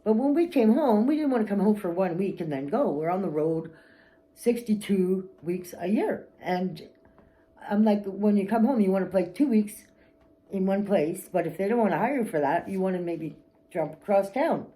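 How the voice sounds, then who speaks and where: A middle-aged woman vlogging, telling candid personal stories bluntly and swearing freely, with animated outbursts. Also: mid-range voice, normal speed, poor audio.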